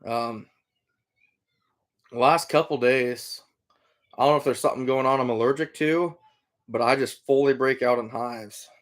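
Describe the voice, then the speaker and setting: A man's voice: mid-range voice, fairly even intonation, a little slow, pauses often. A middle-aged man from Iowa hosting a casual livestream, answering viewer comments in an easygoing, rambling way with lots of fillers. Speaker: livestream host, trapper and hunter.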